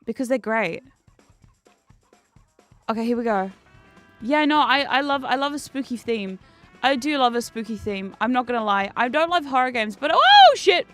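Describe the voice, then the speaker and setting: A woman's voice: a little high, normal speed, pauses often, music in the background. A woman streamer chatting casually while gaming, swearing freely and laughing often at a desk microphone.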